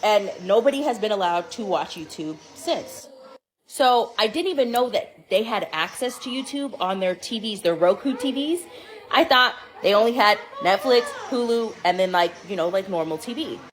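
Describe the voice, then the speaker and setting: A woman, a mother, telling a story to the camera in a casual, animated and incredulous way. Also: medium pitch, moderate pace, a little hiss or hum. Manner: animated, incredulous, quoting her child.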